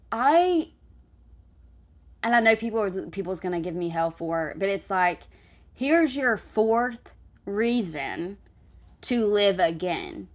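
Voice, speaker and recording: A woman in her thirties talks through a casual reaction vlog in a somewhat low voice. She is blunt and mocking, firing off short, repeated jabs as she reads the chat aloud. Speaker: commentary vlogger reading live chat.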